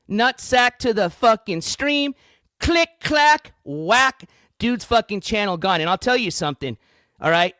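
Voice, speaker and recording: A man's voice: a little high, fairly bright tone, no room sound, studio quality. A man hosting a livestream news show, ranting in an angry, profane, combative way.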